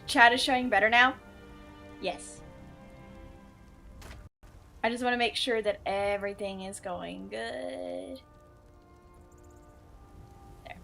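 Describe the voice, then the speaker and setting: A woman's voice: a little high, takes it slowly, gravelly, long pauses, bright, forceful tone, faint music behind. A woman streamer chatting casually with her viewers during a game stream, blunt and swearing freely. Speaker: VTuber streamer.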